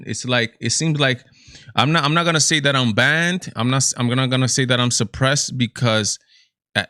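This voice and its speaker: A man's voice: medium pitch, fairly bright tone, clean tone, no room sound, clean studio sound. A man hosting a live political talk stream, speaking emphatically with many restarts and repeated words. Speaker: host of a political talk show.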